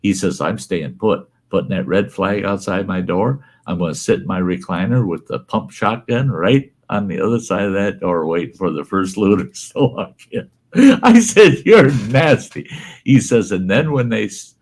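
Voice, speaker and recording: Host, male, middle-aged, very deep voice, animated storyteller. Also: normal speed, few pauses. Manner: animated storyteller, laughs through lines, quotes others in a raised voice. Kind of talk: casual storytelling chat.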